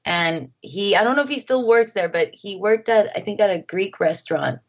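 A woman filmmaker chatting as an interview guest, lively and full of acted-out quotes and laughter. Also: mid-range voice, moderate pace, highs cut off. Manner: animated, acts out quotes, laughs often. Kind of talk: casual interview chat. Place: home.

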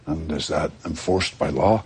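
An actor playing a solemn, deadpan grown man questioning a store clerk in a film comedy scene. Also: a bass voice, normal speed, husky, full character voice. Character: grave, deadpan grown man buying kids' cereal.

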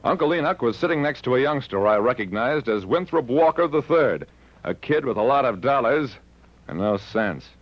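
A man's voice: mid-range voice, normal speed, close to an everyday voice. An actor playing a wry private detective who narrates his own case, in 1940s radio acting. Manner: dry, wry narration with lively delivery. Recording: dull vintage radio recording with faint hiss.

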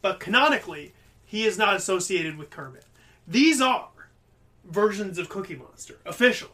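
A man's voice: sits high, animated, moderate pace, pushed and bright. A man co-hosting a comedy podcast, laying out trivia and teasing his co-host in casual chat. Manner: explains trivia, teasing and upbeat. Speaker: podcast co-host presenting picks.

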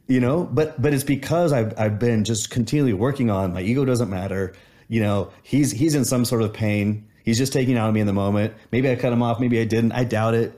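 A man's voice: medium pitch, fairly quick, mellow. A man in casual conversation, reflecting on gratitude and telling a story with many restarts.

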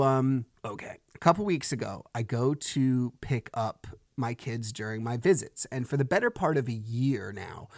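A man in his thirties speaks on his own podcast in a middle-pitched voice, recorded close and dry. He tells the story loosely and conversationally, and a frustrated edge runs through it. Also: no room sound. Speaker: podcast host. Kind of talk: solo podcast monologue.

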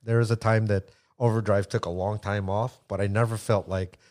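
Man, American accent, musician guest, casual storytelling, somewhat low voice. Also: moderate pace. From United States. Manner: relaxed storyteller, laughs often, swears casually. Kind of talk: casual chat.

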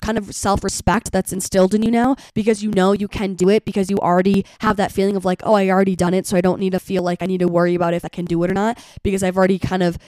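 A woman hosting her podcast in casual, chatty talk, her voice a little hoarse from being sick, with lots of "like" fillers. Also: mid-range voice, level tone, rapid-fire, few pauses, a little mellow, no echo, clean studio sound. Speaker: podcast host.

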